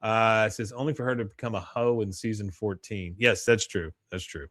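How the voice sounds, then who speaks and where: Recorded dry with studio quality, this podcast host talks fairly quickly while recapping a cartoon episode in casual chat. He laughs a lot at the jokes and animatedly lifts his pitch to read the characters' lines.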